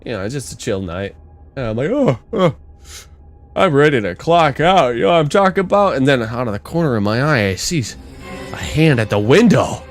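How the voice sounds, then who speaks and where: A young man co-hosting a podcast, telling stories in a casual, animated way, swearing and acting out the people he quotes. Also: mid-range voice, fast, soft background music. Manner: animated, swearing storyteller who acts out quotes loudly. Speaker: podcast co-host. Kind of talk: casual storytelling chat.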